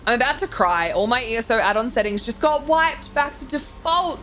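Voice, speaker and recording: A woman's voice: a little high, a little fast, few pauses, fairly bright tone. A young woman streaming a game, chatting casually, reading chat aloud and reacting with gasps and swearing. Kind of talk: casual live-stream chat while touring game houses.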